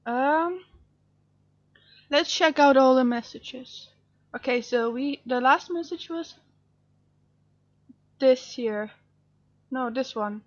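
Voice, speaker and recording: A woman with a fairly high voice reacts to a story game as she plays, chatty and sympathetic. Her voice sounds dull and close, with no room around it. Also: slow, pauses often, no echo. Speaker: gaming streamer. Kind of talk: let's play commentary.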